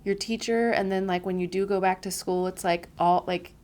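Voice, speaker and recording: A woman hosting a casual podcast interview with a somewhat low voice. She talks in loose, run-on sentences scattered with fillers and responds to her guest with empathy. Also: steady tone, normal speed, a little mellow. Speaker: podcast host.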